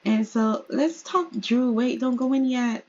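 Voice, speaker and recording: A woman's voice: on the high side, a little slow, darkish tone. A woman giving chatty, giggly, casual commentary as she plays a life-sim game, on a slightly muffled lo-fi recording. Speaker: let's play host.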